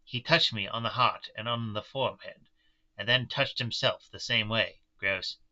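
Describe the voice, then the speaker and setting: A man reads a classic novel aloud in a live session, breaking off now and then for self-deprecating asides. His voice is very bright and forward, and the dull, lo-fi recording sounds like a home setup. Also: fairly low pitch, steady tone, moderate pace. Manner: self-deprecating asides between read passages. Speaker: reader. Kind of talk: live book reading with commentary.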